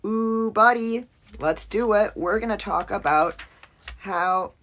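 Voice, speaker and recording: A woman's voice: mid-range voice, slow pace, fairly bright tone. A woman giving a casual, playful math lesson at a whiteboard, chatty and joking at herself as she works. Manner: playful, chatty, self-mocking asides. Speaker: math teacher.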